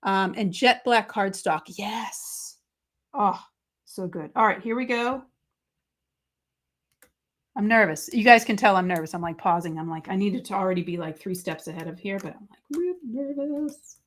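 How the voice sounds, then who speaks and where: A live papercrafting host speaks in a mid-range voice at a moderate pace. As she works, she reads comments from viewers aloud and chats with them in a lively, excitable manner.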